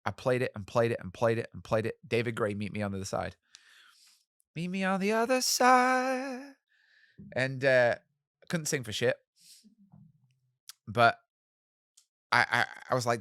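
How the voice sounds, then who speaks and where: A man's voice: on the low side, steady tone, fairly quick, long pauses, fairly bright tone, no echo, clean studio sound. Candid, self-mocking male storyteller. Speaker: guest. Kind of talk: storytelling in a podcast interview.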